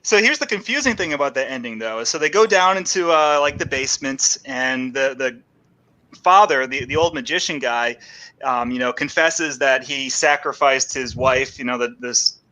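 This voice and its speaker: A man's voice: medium pitch, normal speed, pushed and bright, poor audio. A man co-hosting a casual movie podcast, joking and laughing often as he recaps scenes. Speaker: podcast co-host. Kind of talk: casual chat about movies.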